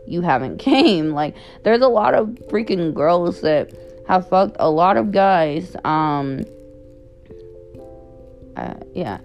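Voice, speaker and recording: A young woman speaks in a low, unhurried voice, offering candid and blunt advice in a casual chat. She leans on fillers like "um" and "you know". Faint music plays in the background. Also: darkish tone. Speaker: vlogger giving advice.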